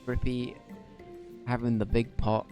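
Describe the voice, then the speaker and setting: A man's voice: mid-range voice, little pitch movement, a little slow, mellow, faint music behind. A man streaming a game, giving casual, joking commentary and laughing at himself. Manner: joking, laughs at his own lines. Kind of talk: casual let's-play commentary.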